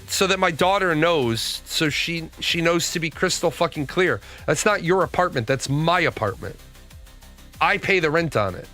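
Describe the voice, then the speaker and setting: A man's voice: fairly high pitch, sharp tone. A middle-aged man giving blunt, profane opinions in casual commentary, answering his viewers' comments as a show host. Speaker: podcast host.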